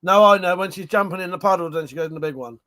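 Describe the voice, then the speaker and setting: A man's voice: high-pitched, racing, pushed and bright. A man hosting a casual livestream chat. He swears a lot and laughs often. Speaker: livestream host.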